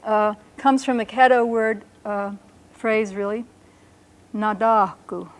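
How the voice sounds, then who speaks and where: A woman teaching a language lesson, explaining patiently and sounding out words slowly and carefully. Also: on the high side, steady tone.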